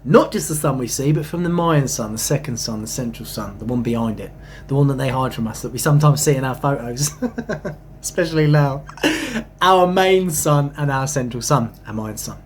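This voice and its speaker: A young man, rambling excitedly about spiritual matters, swinging from hushed asides to emphatic bursts and swearing casually. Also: medium pitch, normal speed, slight background noise. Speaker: spiritual channel host.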